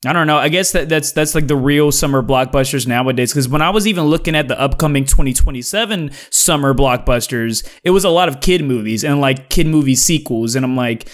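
A man's voice: fairly quick, few pauses. A young man co-hosting a casual podcast, joking and mimicking people as he talks. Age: young adult. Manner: animated, jokey, mimics others in high voices. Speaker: podcast co-host. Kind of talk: casual chat.

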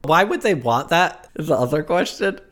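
A man co-hosting a comedy podcast, chatting casually with wry, quick comebacks. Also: on the high side, expressive, a bit bright. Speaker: podcast co-host.

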